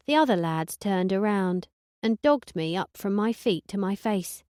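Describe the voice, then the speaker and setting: A woman's voice: medium pitch, normal speed, no room sound, studio quality. Sardonic woman narrating. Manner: sardonic, deadpan. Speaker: audiobook narrator. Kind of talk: first-person audiobook narration.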